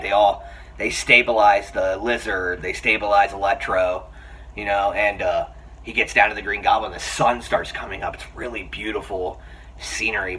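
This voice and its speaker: An eager man talks through a movie he loved, rambling and full of filler words. His voice sits a little low. He is slightly off-mic, with faint noise behind him. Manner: excited, chatty, laughs often, many fillers. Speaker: movie reviewer. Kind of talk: casual spoken film review. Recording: voice a bit far from the mic, faint background noise.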